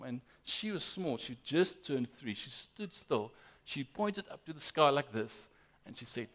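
A man preaching a sermon as pastor, emphatic and lively, often addressing the congregation directly. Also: mid-range voice, normal speed. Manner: lively, emphatic preaching with frequent "guys" and "amen".

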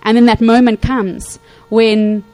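A woman preaching a sermon to her congregation, animated, acting out Bible quotes and checking in often with her listeners. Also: fairly high pitch, slow pace, faint music behind, low-quality recording. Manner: animated, acts out quotes, frequent "okay?" check-ins.

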